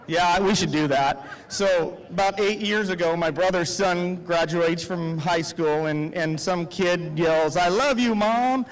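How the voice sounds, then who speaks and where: A man's voice: fairly high pitch, fairly even intonation, a little slow, hardly any pauses, poor audio. A man being interviewed after winning a race, talking in a rambling, casual way with lots of fillers. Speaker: race winner.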